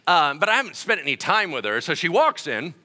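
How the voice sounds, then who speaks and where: A middle-aged man preaching to his congregation in an animated storytelling sermon. His voice sits a little high and sounds very bright and sharp. His pitch swings widely as he acts out the people he is quoting. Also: brisk. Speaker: pastor.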